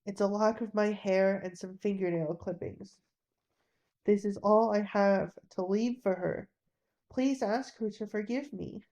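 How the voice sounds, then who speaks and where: Brief: woman reading a doomed young airman, slow and mellow, tender but bitter. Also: medium pitch, steady tone, highs cut off, natural voice. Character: young male pilot, frightened then bitter.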